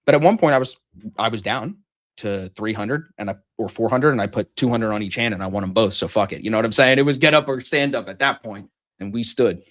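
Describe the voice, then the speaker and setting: Here a man with a fairly low voice talks quickly, recounting a long gambling tale as a podcast host in relaxed chat. Cursing liberally, he brings the story to life by loudly acting out the quotes.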